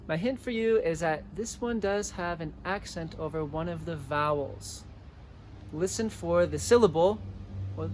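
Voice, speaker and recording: A man teaching a language lesson, repeating each word slowly and clearly so listeners can type it. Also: on the high side, slight background noise. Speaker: Spanish teacher. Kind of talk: slow dictation-style language lesson.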